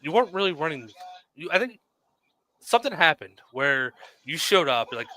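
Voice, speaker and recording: A man's voice: on the high side, very animated, normal speed, bright, forceful tone. A male host in a casual chat with a guest, passing along questions from viewers. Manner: conversational, asks questions from viewers.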